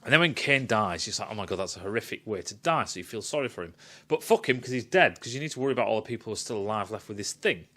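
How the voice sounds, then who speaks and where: A man giving a profane, animated rant as he critiques a film. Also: mid-range voice, quick pace. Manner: animated, swears a lot, acts out quotes. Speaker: film reviewer.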